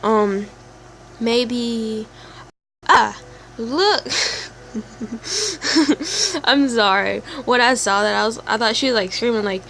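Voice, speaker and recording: A woman's voice: fairly high pitch, takes it slowly, creaky, fairly bright tone, a little hiss or hum. A woman playing a story game, reading its text aloud and chatting with giggly side comments. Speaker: let's play gamer.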